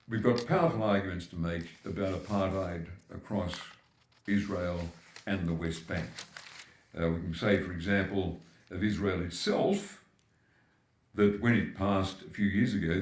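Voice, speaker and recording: A man's voice: fairly low pitch, echoey room. An older Australian man giving a keynote speech at a public forum, emphatic and building his points with repetition. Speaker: keynote speaker. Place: large hall at a live forum.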